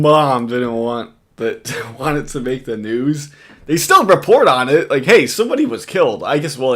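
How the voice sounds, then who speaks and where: A man giving casual, profane reaction commentary on a video clip, laughing often and mocking what he watches. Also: mid-range voice. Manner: casual, laughing often, profane, repeats clips in mock voices. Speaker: commentary host.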